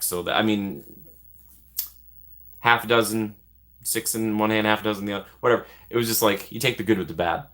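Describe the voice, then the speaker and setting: A man's voice: lowish voice, bright, forceful tone. A young man chatting casually as a vlogger, rambling and self-deprecating, laughing often. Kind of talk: casual chat.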